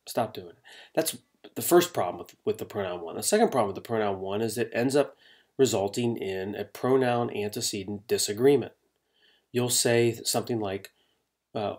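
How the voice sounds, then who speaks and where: A middle-aged man teaching a writing class in a relaxed, joking way, with mock exasperation about formal habits. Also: medium pitch. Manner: casual, teasing, exasperated about pet peeves. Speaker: writing instructor. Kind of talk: recorded class lecture.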